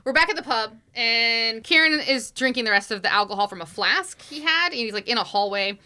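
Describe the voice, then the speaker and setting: A woman's voice: on the high side, animated, fairly quick, pushed and bright. A young woman co-hosting a podcast, chatting through a movie's plot step by step. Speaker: podcast co-host. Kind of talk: casual film-recap chat.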